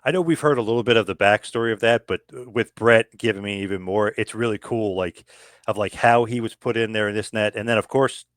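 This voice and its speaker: A man chatting as a podcast guest, racing along at a quick clip. He keeps restarting and acting out what others told him. His voice sits on a dry close mic with no room sound. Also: on the low side, dry recording. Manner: animated, full of restarts and acted-out quotes. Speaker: podcast guest, book author. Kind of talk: casual podcast chat.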